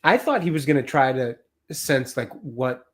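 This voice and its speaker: A man's voice: mid-range voice, lively intonation, moderate pace. A man on a film discussion panel, thinking aloud and hedging his reading of a scene. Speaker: film club co-host.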